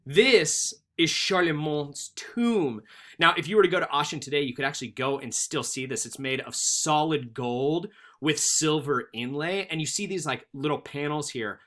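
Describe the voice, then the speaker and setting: A male teacher giving a recorded history lesson, telling stories animatedly and acting out quotes. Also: fairly high pitch. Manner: animated storytelling with acted-out quotes.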